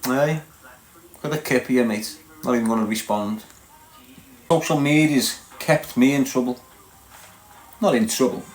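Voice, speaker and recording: A man's voice: mid-range voice, unhurried, long pauses. A man with a Liverpool accent talking bluntly to his live viewers, lecturing and asking again and again if they understand. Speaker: livestream host. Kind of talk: casual rant to live viewers. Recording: echoey room.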